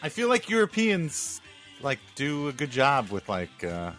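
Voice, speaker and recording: A man's voice: medium pitch, huge pitch swings, measured pace, fairly bright tone, soft background music. A man co-hosting a podcast in casual chat, teasing and laughing often. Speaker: podcast co-host.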